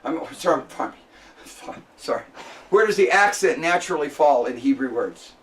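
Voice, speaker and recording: A man with a fairly high voice teaching a class, heard from a distance through a single room mic. He walks students through each sound step by step, pausing often to ask if they follow. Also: animated, a bit bright. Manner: spells out sounds slowly, checks in with "okay?". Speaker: lecturer. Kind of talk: classroom lecture. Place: lecture classroom.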